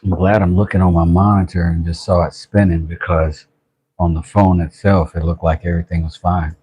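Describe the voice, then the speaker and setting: A man's voice: low voice, little pitch movement, a little fast, mellow, slightly rough, low-quality recording. A man hosting a laid-back livestream, chatting and greeting viewers. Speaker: livestream host. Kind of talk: casual livestream chat.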